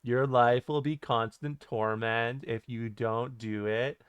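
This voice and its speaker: A man doing an impression of a calm narrator who delivers horrific warnings slowly and matter-of-factly, in a smooth voice. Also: mid-range voice, no room sound, highs cut off, natural voice. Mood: ominous. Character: impression of a calm, soft-spoken male narrator giving grim warnings.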